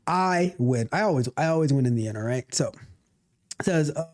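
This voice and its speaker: A man's voice: fairly high pitch, expressive, a little fast, a little mellow. A man hosting a tech livestream, reading a news article aloud in a casual way, repeating himself and grumbling at the web page. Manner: talks to himself, grumbles at the website, repeats words. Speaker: livestream host. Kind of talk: casual live commentary while reading an article.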